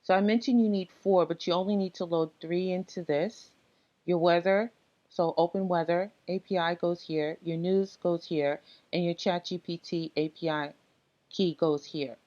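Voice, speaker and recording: A woman with a somewhat low voice narrates a casual screen-recorded tutorial, walking through software setup in a relaxed, unscripted way. She fills pauses with lots of ums and uhs as she clicks through screens, and the audio sounds dull and lo-fi.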